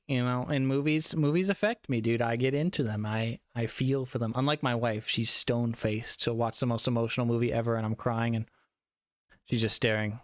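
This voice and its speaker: A man's voice: medium pitch, no room sound, studio quality. A young man streaming a casual movie review, a little tipsy from drinking, rambling and swearing with frequent laughs. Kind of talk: casual live-stream chat.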